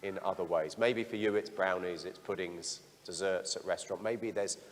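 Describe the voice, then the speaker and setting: A middle-aged parish priest giving a sermon, telling stories about himself in a candid, self-deprecating way. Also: male voice, deep voice, steady tone, normal speed, long reverb tail, a little hiss or hum. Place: church.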